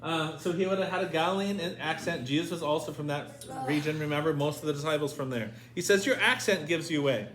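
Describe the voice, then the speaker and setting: A man's voice: fairly high pitch, quick pace, hardly any pauses, a bit bright. A man leading a Bible study lesson, asking his group questions and reading scripture aloud. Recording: echoey room with faint noise.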